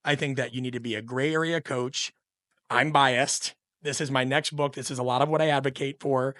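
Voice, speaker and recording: A man's voice: medium pitch, fairly even intonation, fairly quick, a bit bright, dry recording, clean studio sound. A middle-aged man speaking as a podcast guest, an opinionated coach talking in a passionate, emphatic, ranting way. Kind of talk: podcast conversation.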